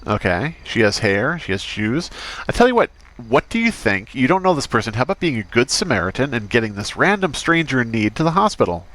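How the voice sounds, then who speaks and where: A man's voice: mid-range voice, sing-song, brisk, hardly any pauses, fairly bright tone. A man streaming a crime roleplay game as a doctor character, chatting in character with a dry, sarcastic manner.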